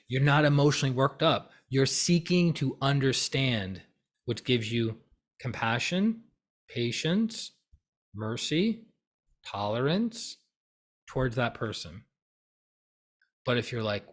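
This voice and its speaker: Man teaching in a casual animated talk. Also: medium pitch, slow pace, pauses often. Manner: animated, acts out heated voices mid-talk; conversational, many fillers and tag questions. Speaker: spiritual teacher.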